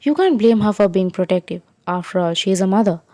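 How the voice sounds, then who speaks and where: A woman narrating a second-person fan fiction story in an even, unhurried way. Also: mid-range voice, dry recording.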